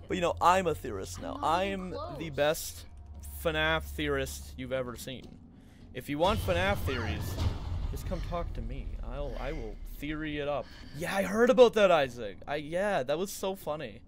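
A man's voice: on the high side, a little hiss or hum. Joking young man streaming a game. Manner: joking, animated, laughs often. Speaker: gaming streamer and speedrunner. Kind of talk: casual live-stream chat.

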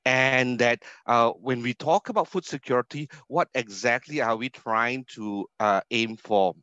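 A man with a Singaporean English accent delivers an online conference lecture, leaning on key words and posing rhetorical questions to his listeners. His mid-pitched voice comes through a dull, dry video call mic with a slightly muffled, lo-fi sound. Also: measured pace, bright, forceful tone, dry recording. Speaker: keynote speaker, university academic. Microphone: video call computer mic.

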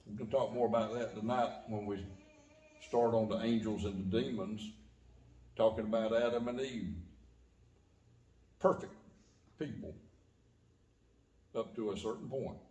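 A man's voice: steady tone, unhurried, long pauses, mellow, lo-fi sound. Man preaching in an echoey church. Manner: preaching with sudden rises and drops in pitch and volume. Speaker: pastor. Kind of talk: sermon. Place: church sanctuary.

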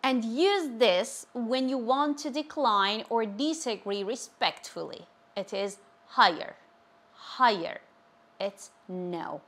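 A woman giving a language lesson, saying each phrase slowly and repeating it with care. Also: a little high, fairly bright tone, a little hiss or hum. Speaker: language teacher. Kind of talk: slow, clear language lesson.

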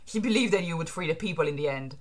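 A woman voices a proud young samurai daughter who speaks with slow, solemn accusation. The delivery is a little lower and quieter than the reader's own bright voice. It sounds like a fan reading comic lines aloud at her desk. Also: animated.

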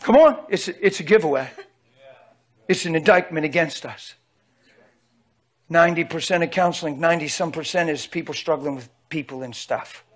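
A man's voice: on the high side, moderate pace, pauses often. A man preaching a sermon in an emphatic, folksy way, repeatedly calling out to his audience.

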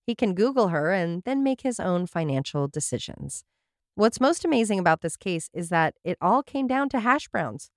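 A woman with a slightly low voice hosts a casual storytelling podcast. She reads her story with wry, sarcastic asides. Her voice is close and dry, with almost no room sound. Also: sing-song, normal speed, dry recording. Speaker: podcast host.

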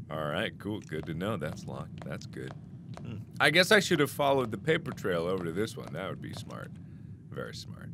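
A man in his thirties hosting a horror game let's play, joking and talking to the game, with sudden loud outbursts. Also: medium pitch, slight background noise. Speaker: gaming channel host.

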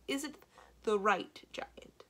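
A woman's voice: medium pitch, slow, voice pushed up. Mendibar, a wary young wizard-king, as a woman reads him. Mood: wary, dry. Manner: dry, wary questioning. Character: wry cautious young male wizard-king.

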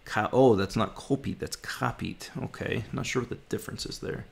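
A man talks through his language practice in a casual vlog, pausing to sound out words and fix his own mistakes. His voice sits very low with a gravelly fry running through it, and he muses aloud as he works. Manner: halting, sounds words out, self-correcting. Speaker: language-learning vlogger.

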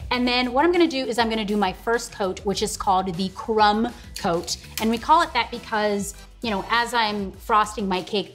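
A woman hosting a casual cooking tutorial in her home kitchen, chatting straight to viewers and laughing often. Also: medium pitch. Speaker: host.

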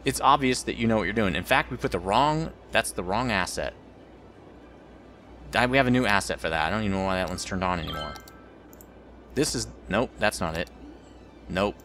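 A man's voice: lowish voice, expressive, a little fast, pauses often, a bit bright, faint music behind. A man rambling through let's play commentary as the host of a gaming channel, joking about his own mistakes.

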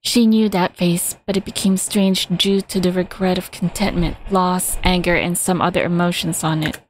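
A woman reading a game's story aloud at a measured pace, now and then stumbling or adding casual asides. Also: lowish voice, little pitch movement, a little hiss or hum, low-quality recording. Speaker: reader of game story.

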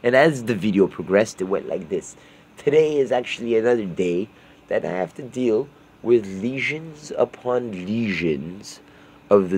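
A man's voice: lowish voice, a little mellow, slight background noise. A young man, just woken up, rambling crudely and jokily in a casual vlog monologue, swearing often.

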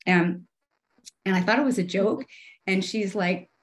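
A middle-aged woman, a former television showrunner, chatting in an interview and acting out her past dialogue in a brighter voice. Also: unhurried. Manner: animated, chatty, acts out her own past dialogue in a higher voice. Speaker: podcast guest, television showrunner turned artist. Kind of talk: casual interview storytelling.

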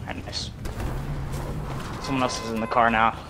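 A woman's voice: a bass voice, level tone, normal speed, over music. A woman, a teammate chatting casually and briefly during a game. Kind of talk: casual gaming chat.

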